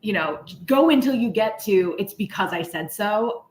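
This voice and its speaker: A woman's voice: mid-range voice, animated, moderate pace, reverberant. A woman co-host in a casual chat, talking reflectively.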